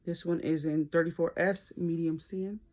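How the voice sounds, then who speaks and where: An adult woman who works as a nurse and runs a beauty vlog tells a story at normal speed while doing her makeup, chatty and animated and laughing as she goes. When retelling moments she slips into high-pitched screams, and the recording has its highs cut off.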